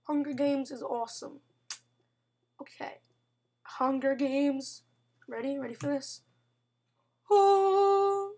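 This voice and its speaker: Brief: young woman, high voice, unhurried, excitable gamer commentary, faint typing behind. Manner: chatty and excitable, with sudden outbursts and mock growls. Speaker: gamer narrating gameplay. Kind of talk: casual let's-play commentary.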